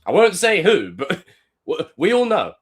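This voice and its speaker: A young man live-streaming, reacting to film clips with animated, profane commentary and sudden loud outbursts. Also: high voice, measured pace, husky.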